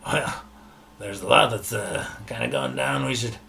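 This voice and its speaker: A man voicing a blunt, hot-headed male dwarf innkeeper who yells in alarm and then talks bluntly. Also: mid-range voice, moderate pace, creaky, a little hiss or hum. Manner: panicked yelling, then blunt and casual.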